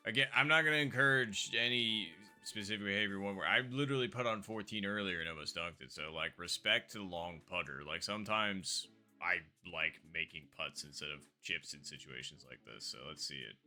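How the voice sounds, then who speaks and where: Low and sharp in tone, a man's voice rambles casually through a live gaming stream, leaning on frequent fillers and muttered asides to himself.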